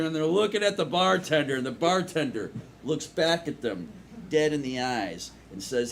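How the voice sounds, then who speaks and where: Improv comic, man, high voice, stammering storyteller, faint room hum. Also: lively intonation, unhurried, vocal fry. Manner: rambling, builds joke with stammers. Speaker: improv comedian. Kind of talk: live improv performance. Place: comedy club stage.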